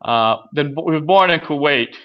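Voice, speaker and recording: Male guest, casual storyteller, halting with fillers, dull lo-fi recording. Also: a little high, expressive. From California. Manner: hesitant, many uh fillers and restarts. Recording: dull lo-fi audio.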